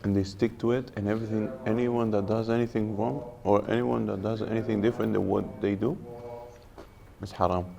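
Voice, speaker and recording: A man's voice: on the low side, fairly even intonation, a little fast, vocal fry, lo-fi sound, crowd noise. A young man vlogging casually, telling laid-back, slangy stories and laughing along. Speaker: vlogger and Arabic teacher. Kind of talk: casual storytelling vlog.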